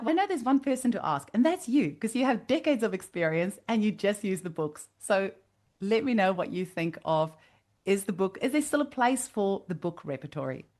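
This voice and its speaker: Bubbly woman hosting a podcast chat. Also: lowish voice. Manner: bubbly and enthusiastic, friendly greetings. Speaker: podcast host. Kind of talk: casual interview chat.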